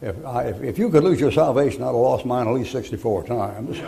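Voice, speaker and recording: Folksy older preacher, gravelly. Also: male voice, medium pitch, a little fast, mellow. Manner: folksy, joking, acts out voices in stories. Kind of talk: folksy sermon with stories.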